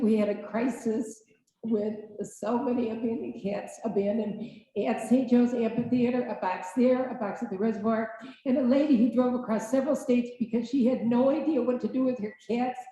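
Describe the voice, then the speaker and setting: A woman's voice: a little high, dark tone, slight background noise. An older woman giving an earnest, emotional public comment at a county legislature meeting. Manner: earnest, grows emotional and pleading. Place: large legislative chamber. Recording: dull echoey chamber audio.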